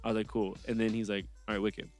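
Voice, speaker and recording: A young man, a rapper guest on a podcast, telling his story in a casual, animated way and acting out what others said to him in slang. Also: fairly low pitch, quick pace, faint music behind. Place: podcast studio.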